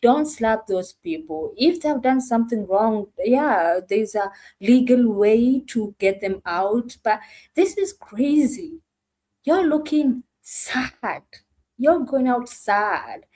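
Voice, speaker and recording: A woman reacts to clips in casual commentary. She is sarcastic and exasperated and talks straight to her viewers. Her voice sits slightly high. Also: animated, slow pace, dark tone. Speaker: reaction video host.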